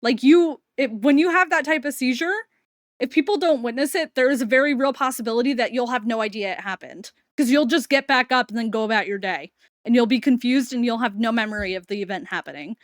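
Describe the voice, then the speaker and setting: A woman's voice: a little high, dry recording. A woman streamer talking casually and candidly at home, rambling and swearing now and then. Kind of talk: casual live-stream chat. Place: room at home.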